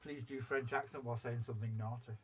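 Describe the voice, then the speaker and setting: A man's voice: mid-range voice, steady tone, fast talker, heavy background noise. A man co-hosting a craft stream, teasing and reading out viewer comments with laughter. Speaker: co-host reading chat comments. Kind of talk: casual banter.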